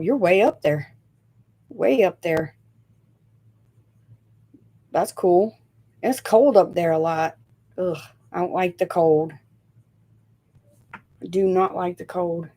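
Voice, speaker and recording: A middle-aged woman with a country Tennessee accent talks casually to her live-stream viewers. She rambles and often restarts her sentences, and her voice sits somewhat low. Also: mellow. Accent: Southern US, Tennessee. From northern Indiana, raised in Tennessee. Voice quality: chatty, rambling, quick self-corrections. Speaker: host of a live chat stream.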